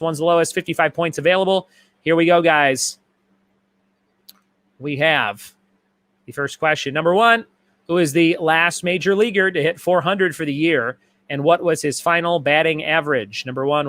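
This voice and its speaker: A man's voice: on the high side, a bit bright. A man hosting a live-streamed trivia night, reading out answers and questions and repeating them. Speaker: trivia host.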